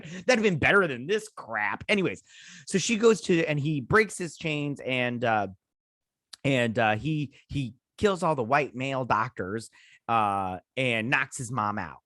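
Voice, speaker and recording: A man's voice: mid-range voice, lively intonation, measured pace, pushed and bright, no room sound. Rambling, blunt male TV reviewer, dry sound. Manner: rambling, blunt, laughs often, retells scenes with "she's like". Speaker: host of a TV review channel. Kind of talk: casual episode recap and review.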